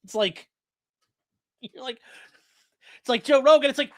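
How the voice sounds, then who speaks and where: A man's voice: sits high, unhurried, pauses often, fairly bright tone, dry recording, studio quality. A man, an attorney hosting a live stream, commenting on court footage in a profane, joking way and slipping into voices.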